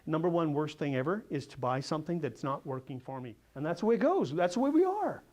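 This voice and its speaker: A man's voice: on the high side, quick pace. A man teaching a sales seminar, telling stories with energy and putting questions to the audience. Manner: energetic, animated storyteller who quizzes the audience. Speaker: sales coach. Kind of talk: seminar talk to a live audience.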